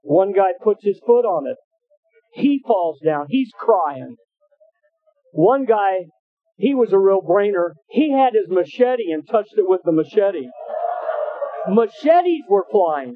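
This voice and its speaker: Brief: male pastor, folksy sermon storyteller, slightly high voice, dry tinny phone-like sound. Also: very animated, slow, pauses often, soft background music. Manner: folksy, anecdotal, with hesitant restarts. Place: church.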